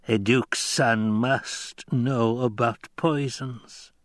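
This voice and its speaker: A menacing old crone, as a male narrator puts her on, speaking slowly and sternly, every word an order. Her voice sits at a middling pitch and takes its time. The recording is dry and close, with no room sound. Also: fairly even intonation, no room sound. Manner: slow, stern, commanding.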